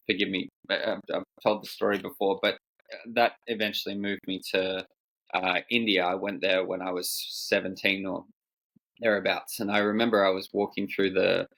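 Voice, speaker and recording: Low gravelly-voiced man telling his story. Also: fairly bright tone, rough recording. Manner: thoughtful, searching, many restarts. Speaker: guest coach. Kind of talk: reflective storytelling in conversation.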